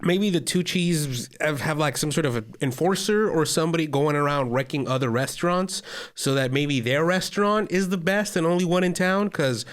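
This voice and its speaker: Lively-pitched rambling player, a man. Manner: rambling, musing. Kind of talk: playing a tabletop game in character.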